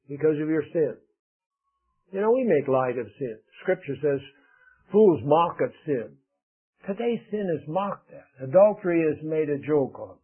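A man preaching a sermon in an earnest way, with emphatic rises and quiet drops. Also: fairly high pitch. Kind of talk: radio sermon. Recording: narrow phone-like radio broadcast.

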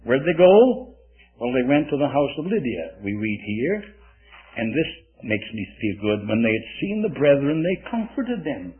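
A man's voice: mid-range voice, very animated, a little slow. A man preaching an earnest evangelistic sermon, building to fervent peaks. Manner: earnest, rises to fervent peaks, personal anecdotes. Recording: tinny lo-fi old recording.

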